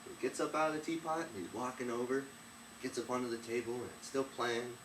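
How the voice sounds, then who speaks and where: A man's voice: mid-range voice, fast talker, distant mic, noisy background. A man in his twenties casually and animatedly retelling a folk tale, chatty in tone. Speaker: storyteller. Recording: roomy, off-mic, faint ambience.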